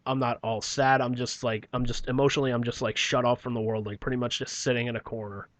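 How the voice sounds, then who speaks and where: A man telling a personal story on a casual podcast, rambling and profane, often clearing his throat and trailing off quietly. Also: medium pitch, flat delivery, fast.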